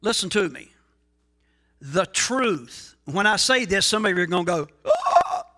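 Emphatic pastor preaching with a high, bright voice. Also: male voice, animated. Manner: emphatic preaching with rhetorical questions and pauses. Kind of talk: sermon.

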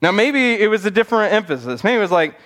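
Pastor, male, higher register, earnest sermon delivery, animated storyteller. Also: quick pace. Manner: earnest, acts out quotes animatedly. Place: church sanctuary.

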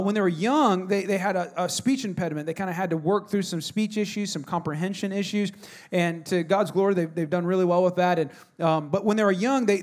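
High-voiced man preaching. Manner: conversational storytelling with restarts. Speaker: pastor. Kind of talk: sermon.

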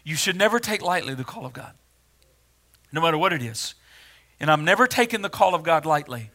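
A man delivering a sermon in a high, bright voice. He speaks earnestly and grows emphatic whenever he reads scripture aloud. His tone is forceful and clear. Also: lively intonation, brisk. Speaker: preacher.

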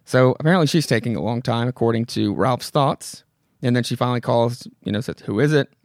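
A man's voice: medium pitch, fairly quick, no room sound, clean studio sound. A man hosting a podcast, casually retelling a horror comic with loose fillers from his home mic. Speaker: podcast host.

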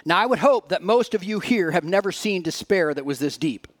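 A man delivering a sermon as pastor, reading scripture earnestly and asking the congregation rhetorical questions, with dramatic pauses. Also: high voice, expressive.

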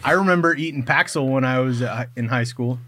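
A man's voice: mid-range voice, fairly quick, fairly bright tone. A man chatting casually during a drinking card game, joking and reminiscing in a laid-back way.

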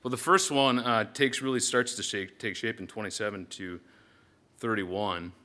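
A man's voice: fairly low pitch, normal speed, pushed and bright. A man preaching a sermon as pastor, earnest and reflective, often restarting his sentences.

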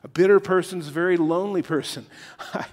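A man preaching a sermon, telling a story with quick asides and acted-out quotes. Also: high-pitched. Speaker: pastor. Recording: long reverb of a large hall.

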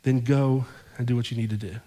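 A fast-talking male pastor with a medium pitch tells a story in his sermon, his voice carrying the big-room sound of the sanctuary. He brings it to life by acting out the dialogue.

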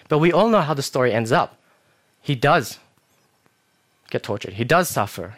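A young man giving a sermon in a church, casual and animated, acting out quotes as he tells the story. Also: mid-range voice, fairly quick. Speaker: preacher.

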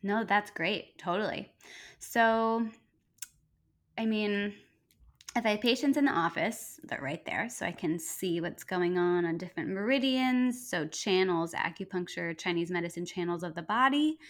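A woman's voice: medium pitch, normal speed. A woman acupuncturist, a guest in a podcast interview, giving enthusiastic, rambling explanations with many fillers.

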